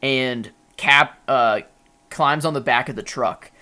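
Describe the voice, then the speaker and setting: Speaking slowly in a bright, forceful tone at medium pitch, this young podcast co-host chats casually. He rambles, often restarting and filling gaps with fillers.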